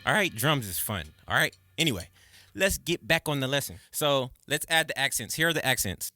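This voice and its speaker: A man teaching drums in a casual video lesson, counting beats and calling stickings loudly, then chatting expressively. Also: mid-range voice, fairly quick, soft background music. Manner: chatty, expressive, says okay and right often. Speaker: drum teacher.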